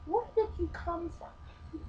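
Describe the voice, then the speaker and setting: A woman's voice: very high voice, slow. A woman chatting in a casual vlog, telling a story with mocking asides. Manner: storytelling, mocking, acts out quotes. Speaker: vlogger. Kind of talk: casual opinion chat. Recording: dull lo-fi webcam sound with faint hiss.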